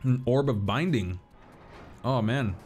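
A man's voice: medium pitch, takes it slowly, a little mellow, husky. A man in his thirties streaming a video game, telling rambling stories and swearing casually. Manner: rambling storyteller, swears, laughs easily. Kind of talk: casual gaming commentary. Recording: faint music behind.

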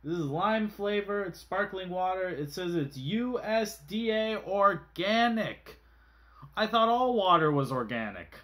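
A man's voice: high-pitched, lively intonation, unhurried, bright, forceful tone. An overtired man hosting a casual water review vlog, goofy and profane, with exaggerated outbursts.

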